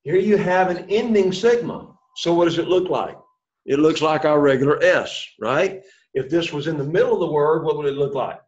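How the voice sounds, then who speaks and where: A man's voice: on the high side, normal speed, a little mellow. A man teaching a classroom lesson, explaining step by step, quizzing the class and encouraging them. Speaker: Greek teacher. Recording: dull lo-fi sound.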